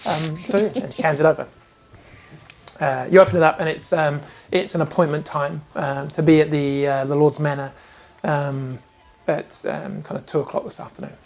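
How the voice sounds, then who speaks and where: Man, game master, gravelly voice, hesitant narration, lots of fillers. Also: a little high, fairly even intonation, normal speed, darkish tone. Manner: hesitant, full of ums and kind-ofs.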